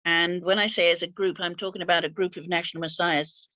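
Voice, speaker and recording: An older woman telling of her years abroad in an unhurried, reflective way, pausing often with fillers and repeating words as she gathers her thoughts. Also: fairly low pitch, fairly even intonation, bright, forceful tone, no echo, muffled recording. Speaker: interview guest recalling mission years.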